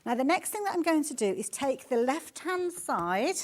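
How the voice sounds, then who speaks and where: A woman demonstrating a sewing step live, explaining each move calmly and in order. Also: sits high, moderate pace. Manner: calm, methodical, instructional.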